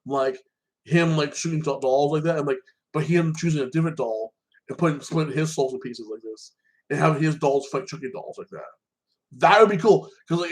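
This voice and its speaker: A man's voice: on the high side, fairly quick, poor audio. A man giving a casual, rambling recap of a TV season, swearing freely and tagging phrases with "like that". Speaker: show reviewer.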